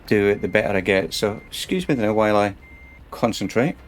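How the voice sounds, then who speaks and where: A man's voice: on the low side, lively intonation, brisk, slight background noise. A man casually commenting while he plays a truck game on a stream, chatty and muttering to himself.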